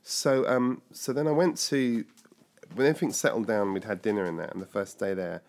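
Here a sixty-something man from England narrates his own life, lively and chatty, slipping into impressions of people he recalls. His pitch sits on the low side and his pace is brisk.

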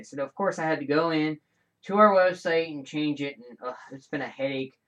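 Rambling, lively man hosting his show. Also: on the high side, moderate pace. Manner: rambling, animated, frequent restarts and asides. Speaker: show host. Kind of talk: casual solo podcast chat.

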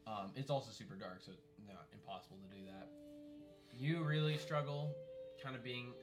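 A man's voice: mid-range voice, moderate pace, over music. A man narrating a tabletop game as game master, describing scenes in a loose, rambling way with many fillers.

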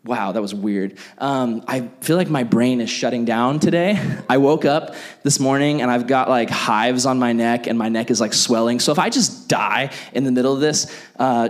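A young man giving a casual sermon to young people, chatty and animated, acting out little scenes. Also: medium pitch. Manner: animated, chatty, full of "like", acts out bits. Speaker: youth pastor.

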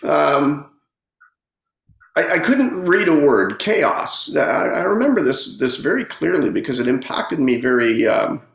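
A man's voice: on the high side, very animated, gravelly, a bit bright. A man telling personal stories in a reflective, casual way, often repeating and restarting words. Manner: halting, repeats words, earnest storytelling. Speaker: speaker on personal growth. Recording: roomy echo.

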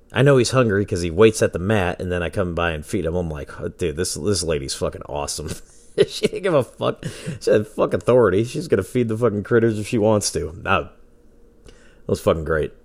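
Deep-voiced, profane podcast guy. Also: expressive, moderate pace, a little mellow. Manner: loose, profane, laughing storyteller. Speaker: podcast host. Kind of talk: casual solo podcast storytelling. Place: home with a dog nearby.

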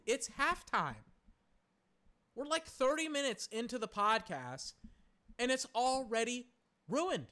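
A man's voice: extremely high pitch, lively intonation, slow pace, long pauses, sharp tone. A young man hosting a podcast from home, talking through a game in a rambling, exasperated way, with lots of fillers and swearing. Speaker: podcast host. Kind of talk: casual live game commentary. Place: home, in a recliner.

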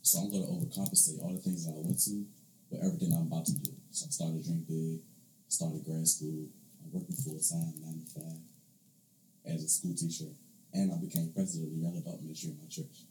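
A man's voice: rumbling low, level tone, brisk, dark tone, echoey room, slight background noise, low-quality recording. A young man telling a personal story in casual slangy talk, full of "bro" and "like", as a podcast guest. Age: young adult. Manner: slangy, laid-back, keeps saying "bro" and "like".

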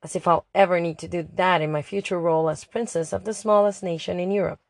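A woman's voice: lowish voice, steady tone, quick pace, no room sound. Woman narrating a chatty diary. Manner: chatty, dramatic, exasperated. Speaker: audiobook narrator. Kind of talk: first-person diary narration.

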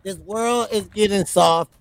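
High gravelly man, loose profane banter. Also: unhurried, dry recording. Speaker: podcast co-host. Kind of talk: casual chat.

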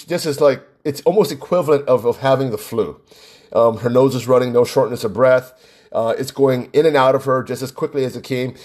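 A man's voice: mid-range voice, darkish tone. A man giving a casual, heated monologue, repeating words for emphasis and firing off rhetorical questions. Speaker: commentator. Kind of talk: casual political rant to camera. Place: Hawaii.

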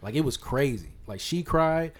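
A man's voice: on the high side, lively intonation, moderate pace, a little hiss or hum. Man telling a story on a podcast. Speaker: podcast co-host. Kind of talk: casual chat.

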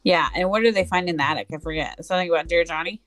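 A woman's voice: fairly low pitch, rapid-fire, fairly bright tone, soft background music. A woman co-hosting a podcast, chatting casually about a movie with short reactions and quips. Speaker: podcast co-host. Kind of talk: casual movie recap chat.

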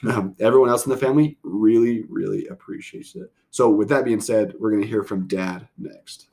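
A man's voice: on the low side, moderate pace, gravelly, darkish tone, slight background noise. A man hosting a family podcast, chatting casually and rambling with lots of fillers. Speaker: podcast host. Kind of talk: casual chat.

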